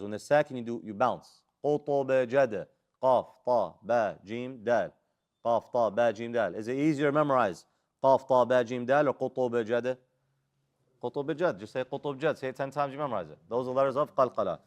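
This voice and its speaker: American man teaching a tajweed class, quizzing students and reciting Arabic letters, mid-pitched voice. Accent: American English. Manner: drills students with call-and-response questions. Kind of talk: live classroom lesson.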